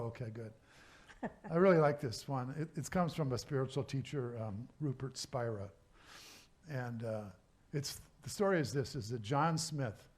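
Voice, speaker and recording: Halting, conversational male minister. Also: mid-range voice, a little mellow. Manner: conversational, halting, with many restarts. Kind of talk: sermon talk. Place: church service.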